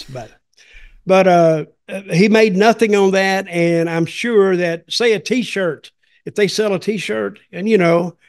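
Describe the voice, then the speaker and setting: Give me an older man with a gravelly voice, chatting in a folksy, rambling way. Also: fairly high pitch. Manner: rambling, folksy, repeats himself. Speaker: podcast host. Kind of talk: casual storytelling chat.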